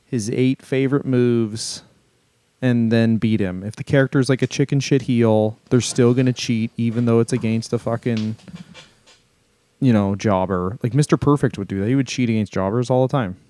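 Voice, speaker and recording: A man co-hosting a casual comedy podcast, speaking bluntly with swearing and dropping his voice low when he quotes people. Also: normal speed, dark tone. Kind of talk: casual chat.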